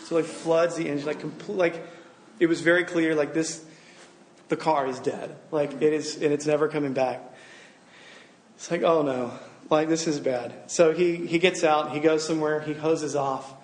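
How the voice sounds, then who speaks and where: A man preaching in a relaxed, chatty way. His voice sits a little high, and it is full of filler words. The sound carries a noticeable room echo. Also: moderate pace. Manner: casual storytelling with many "like" fillers. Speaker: pastor. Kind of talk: sermon.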